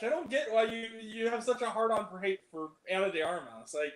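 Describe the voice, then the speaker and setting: A man's voice: high-pitched, expressive, normal speed, fairly bright tone. A young man co-hosting a casual live movie chat, laughing often and slipping into goofy voices when he quotes people. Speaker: movie review co-host. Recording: echoey room.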